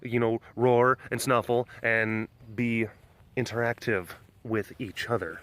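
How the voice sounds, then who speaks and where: A man's voice: mid-range voice, steady tone, a little slow, a bit bright. A bubbly man recording a casual outdoor walk-around vlog at a big cat sanctuary. He chats with the viewers and baby-talks to the cats. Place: outdoors at an animal compound.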